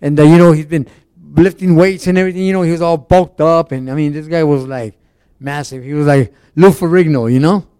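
A man's voice: on the high side, brisk, dark tone, clean tone, dry recording, studio quality. A man preaching a casual, conversational sermon, rambling through stories with plenty of "you know"s and restarts. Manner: loose storytelling with many fillers and restarts.

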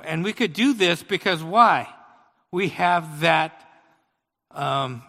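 A man preaching a sermon, telling a personal story with big swings between loud outbursts and quiet asides. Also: on the high side, vocal fry, long reverb tail.

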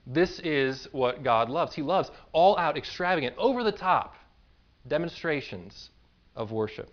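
A man's voice: on the high side, animated, unhurried. Emphatic preaching man, dull recording. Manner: emphatic, building lists to a peak, with self-deprecating humor. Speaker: pastor. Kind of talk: sermon.

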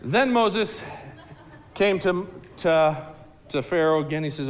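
A man telling a Bible story to a group in a casual, animated, slangy way, asking the listeners questions directly. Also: a little high, slow, long pauses, in a large hall.

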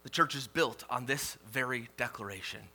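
A male pastor preaching a sermon, reading scripture slowly and swelling loud on key declarations before dropping quiet. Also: medium pitch, breathy edge. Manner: reads scripture slowly and deliberately.

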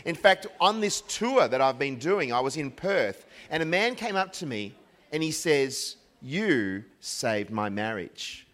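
A man's voice: a little high, big pitch swings, moderate pace, fairly bright tone. Jokey Australian man giving a talk. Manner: jokey, self-deprecating storyteller. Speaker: ministry CEO and speaker. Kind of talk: live public talk with anecdotes.

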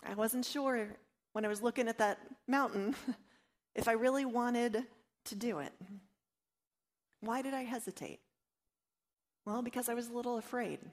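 A woman's voice: a little high, moderate pace, long pauses. A woman giving an earnest devotional teaching, mixing personal stories with scripture and voicing her own inner doubts. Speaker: Bible study teacher.

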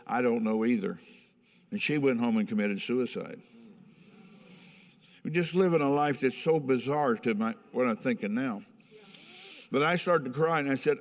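A man's voice: mid-range voice, lively intonation, normal speed, long pauses. An older man from Ohio telling his personal testimony in a candid, earnest way, chuckling now and then. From Ohio, USA. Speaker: speaker giving a personal testimony. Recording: long hall reverb.

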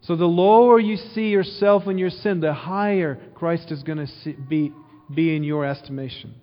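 A man preaching an earnest sermon, with a slightly higher-than-usual voice, repeating phrases and asking the listeners questions. His voice carries a long hall reverb, and the recording sounds a little dull. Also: fairly even intonation, normal speed. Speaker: pastor.

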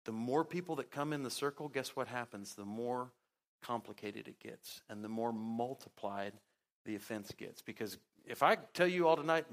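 A man preaching a sermon as pastor, talking conversationally with sarcasm, his pitch and loudness jumping as he acts out quotes. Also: animated, moderate pace. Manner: big swings in pitch and loudness.

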